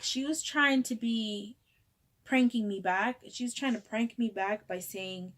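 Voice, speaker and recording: A young woman vlogger casually retelling a story in a chatty, animated way, acting out the dialogue. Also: fairly high pitch, a little slow.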